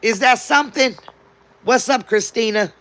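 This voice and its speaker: A woman's voice: fairly high pitch, moderate pace, fairly bright tone. A woman livestreaming, chatting casually and answering her viewers' comments as they come in.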